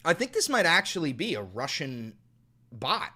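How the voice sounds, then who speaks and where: A man giving casual, profane reaction commentary on clips and viewer chat, incredulous and swinging from muttering to shouting. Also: fairly high pitch, huge pitch swings, a little fast, breathy edge.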